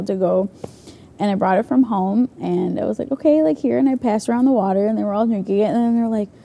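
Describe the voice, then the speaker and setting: A woman's voice: medium pitch, gravelly, mellow. A young woman youth leader chatting casually, giggling and saying "like" a lot as she tells stories. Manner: bubbly, giggly storyteller, says "like" a lot. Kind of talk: casual chat.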